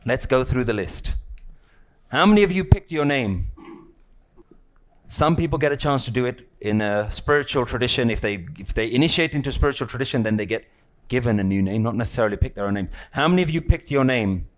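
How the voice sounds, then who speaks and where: Brisk, with medium pitch and lively intonation, a man leads a spiritual lesson in front of a live audience. His tone is conversational and teasing, peppered with check-ins like "yeah?" and "right?".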